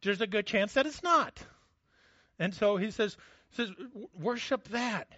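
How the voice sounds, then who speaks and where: Male pastor, conversational sermon with self-mocking humor, bright forceful tone. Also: sits high, lively intonation, unhurried, no room sound, dull audio.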